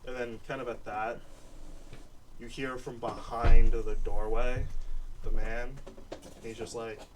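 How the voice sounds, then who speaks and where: A man's voice: medium pitch, little pitch movement, takes it slowly. A man running a tabletop game as game master, narrating loosely with plenty of fillers. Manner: laid-back, loose, many fillers. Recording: distant mic, faint hiss.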